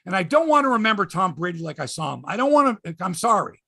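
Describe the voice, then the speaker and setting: A man's voice: high-pitched, big pitch swings, fast talker, gravelly, bright, forceful tone, dry recording, studio quality. A man hosting a sports podcast, ranting in casual chat, swearing and acting out quotes in voices.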